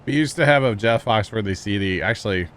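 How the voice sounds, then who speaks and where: Joking Missouri-accented man, low voice. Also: fast talker, a bit bright. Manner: joking and chuckling, drawls folksy. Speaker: livestream host. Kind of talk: casual gaming stream chat.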